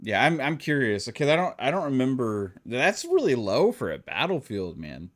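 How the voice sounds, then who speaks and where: A man hosting a casual podcast, joking around, laughing often and reading out shout-outs to the chat. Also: mid-range voice, huge pitch swings, normal speed. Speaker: podcast host.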